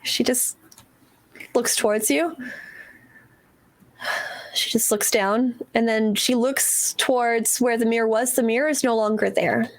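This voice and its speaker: A woman's voice: a little high, fairly even intonation, a little slow, long pauses. A woman narrating as game master of a tabletop game, laughing often and swearing casually.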